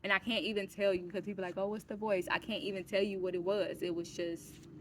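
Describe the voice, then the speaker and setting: A woman's voice: on the low side, little pitch movement, fast talker, fairly bright tone, a little hiss or hum. A woman telling a personal story in a casual, rambling way, full of fillers and restarts, frank enough to swear. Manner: frank, swears when irritated. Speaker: vlogger.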